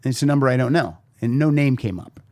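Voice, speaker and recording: In a dry, clean studio recording, a man hosting a podcast animatedly acts out the voices of people in his anecdotes during casual chat. He talks quickly in a mid-range voice.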